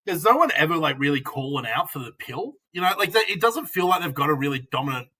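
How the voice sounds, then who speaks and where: A man's voice: fairly high pitch, big pitch swings, fast, bright, forceful tone, husky, low-quality recording. An Australian man co-hosting a casual sports chat, chatty and laughing often. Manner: chatty, laughs often, lots of fillers like "look" and "mate". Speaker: podcast co-host.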